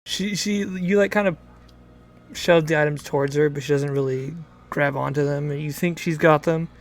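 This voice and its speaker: A man's voice: on the high side, fairly even intonation, normal speed, creaky. A man acting as game master, narrating a tabletop game in a hesitant way, with many restarts. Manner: hesitant, lots of fillers and restarts.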